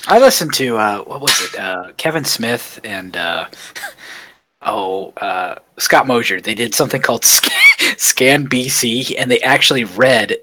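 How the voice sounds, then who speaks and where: A man's voice: lowish voice, expressive, a little slow, bright, forceful tone, dry recording. A man in casual group chat, giggling often between his words.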